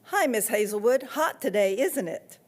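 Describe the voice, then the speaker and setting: A woman's voice: on the high side, animated, moderate pace, pitched above the performer's own voice, close to an everyday voice. A woman voicing a curious, nosy ten-year-old girl who speaks eagerly and insistently.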